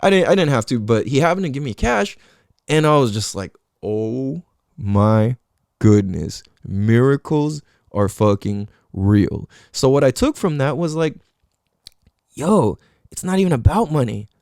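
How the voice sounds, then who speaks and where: A man's voice: a little high, big pitch swings, a little fast, no echo, studio quality. A man hosting a podcast, telling a story casually and swearing a lot. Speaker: podcast host.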